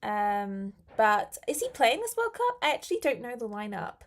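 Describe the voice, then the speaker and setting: Young English woman hosting a live language class, a little high-pitched, relaxed, chatty. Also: moderate pace. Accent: British English. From England. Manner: chatty, reads viewer comments aloud, laughs often. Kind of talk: casual live-stream teaching.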